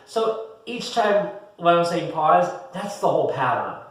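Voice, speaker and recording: A man giving a relaxed, casual fiddle lesson, hesitant with many ums and restarts, counting beats aloud as he explains. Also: fairly high pitch, unhurried, recorded from a distance. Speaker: fiddle teacher. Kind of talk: casual one-on-one music lesson. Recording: very echoey room, a bit off mic. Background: fiddle playing between talk.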